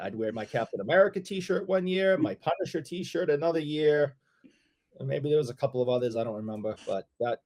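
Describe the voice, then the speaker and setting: A middle-aged man on a podcast, telling a story in casual chat, excitable and repeating himself. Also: medium pitch. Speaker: podcast co-host.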